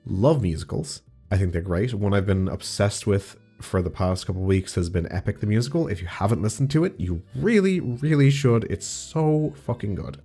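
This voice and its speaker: A young man with slightly congested, allergy-stuffed speech, chatting casually and rambling excitedly as he answers viewer questions. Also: fairly low pitch, moderate pace, hardly any pauses, slightly rough, soft background music. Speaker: audio roleplay creator. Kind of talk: casual Q&A chat.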